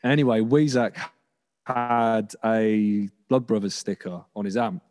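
A man talks in a low, dark and mellow voice. He rambles loosely through his story, restarting sentences and swearing casually as he chats on a podcast. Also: steady tone, unhurried. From England. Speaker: podcast guest musician. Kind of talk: casual chat.

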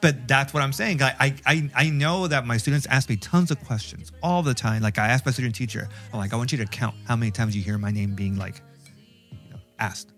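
A man's voice: mid-range voice, brisk, a bit bright, faint music behind. A man in his thirties, a schoolteacher, thinking aloud in a casual chat and often stammering and restarting his sentences.

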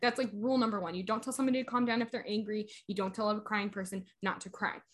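A woman's voice: mid-range voice, fairly even intonation, fast talker, a bit bright. A young woman in casual chat, animatedly retelling a story and acting out the quotes.

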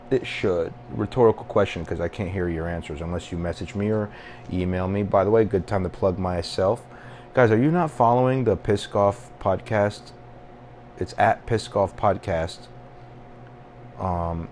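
A man's voice: low voice, a little mellow, slight background noise. Rambling, profane young man podcasting solo. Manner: rambling, profane, self-deprecating. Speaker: podcast host. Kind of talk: casual solo podcast venting.

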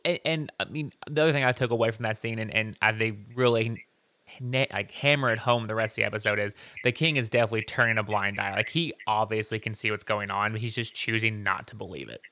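Bright-voiced man in casual podcast chat. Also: fairly low pitch, steady tone, quick pace, no echo. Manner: casual, blunt, conversational. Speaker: podcast co-host.

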